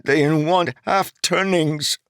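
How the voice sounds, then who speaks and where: A man voicing a dismayed young male bridgeman who groans in broken, halting speech. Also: on the high side, fairly even intonation, a bit bright, smooth, no room sound, clean studio sound, voice pushed up. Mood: groaning despair.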